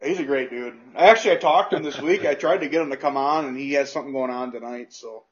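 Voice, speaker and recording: A man's voice: mid-range voice, quick pace. Chill guy hosting, swears a bunch, dull lo-fi audio. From United States. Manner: relaxed, swears casually, easygoing questions. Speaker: podcast host. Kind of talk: casual chat.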